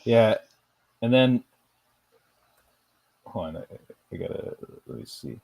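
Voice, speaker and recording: A man's voice: on the low side, very animated, takes it slowly, creaky, long pauses, a little mellow. A man chatting casually with a friend while playing a game, laughing often and rambling loosely. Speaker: streamer. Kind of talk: casual gaming chat.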